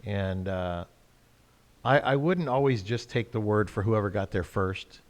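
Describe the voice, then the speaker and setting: Male host, thoughtful and unhurried, recorded with a lingering hall echo. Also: fairly low pitch. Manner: reflective, calm, halting. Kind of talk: spiritual discussion. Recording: long hall reverb.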